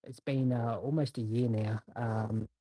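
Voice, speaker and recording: A man taking part in an online audio chat, speaking in a measured, thoughtful way. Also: medium pitch, steady tone, warm tone, slightly rough, no room sound, rough recording. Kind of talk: casual chat.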